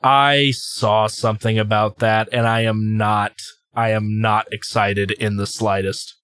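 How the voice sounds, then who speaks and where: A man co-hosting a podcast in casual chat, joking, quick to laugh and opinionated. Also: lowish voice, flat delivery, a bit bright, clean tone, dry recording, clean studio sound. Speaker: podcast co-host.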